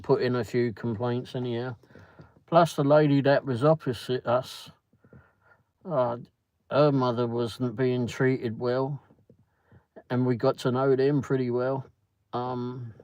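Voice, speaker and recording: A man's voice: mid-range voice, a little mellow, no echo, rough recording. Chatty man rambling on a livestream. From Britain. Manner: rambling, chatty, reads viewer comments aloud. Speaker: livestream host. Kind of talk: casual livestream chat.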